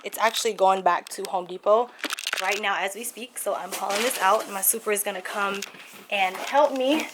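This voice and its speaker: A young woman vlogging from her apartment, telling a story in a casual, animated way with lots of "like" fillers. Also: medium pitch, moderate pace, noisy background. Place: apartment, indoors.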